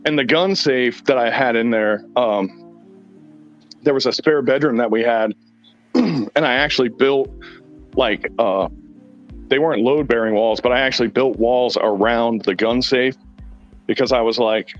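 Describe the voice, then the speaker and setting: A man's voice: medium pitch, normal speed, soft background music. Blunt, profane man telling stories. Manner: rambling storyteller, profane and blunt. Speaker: podcast host. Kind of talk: casual chat. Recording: dull lo-fi sound.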